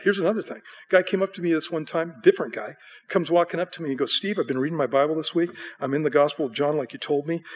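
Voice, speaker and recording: A middle-aged American man preaching a sermon as pastor, telling stories in an animated way and acting out voices. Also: a little high. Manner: animated storytelling, acting out voices with bleats and bursts of excitement.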